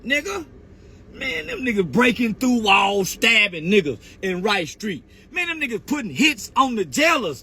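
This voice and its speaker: A man's voice: high voice, fairly bright tone, slight background noise. A man on a long mocking rant, taunting his target with jeers and animal noises. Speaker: commentator.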